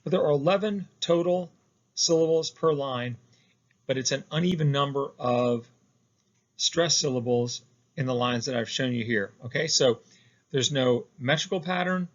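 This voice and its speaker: A man's voice: mid-range voice, normal speed, highs cut off. A man teaching poetic meter in a recorded lecture, explaining step by step with many fillers and restarts. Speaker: poetry instructor.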